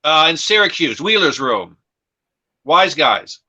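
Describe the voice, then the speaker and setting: A man's voice: fairly high pitch, big pitch swings, slow, bright, forceful tone, dull audio. A man, a comedian guest, telling chatty stories in a casual conversation. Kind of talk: casual storytelling chat.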